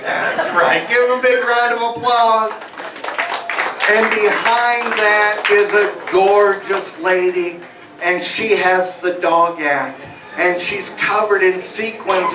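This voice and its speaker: A man's voice: high voice, fairly even intonation, slow pace, a crowd in the background. A man working as a stage hypnotist, playfully guiding volunteers through suggestions at a live comedy show in a small bar. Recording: echoey bar from far off, music behind.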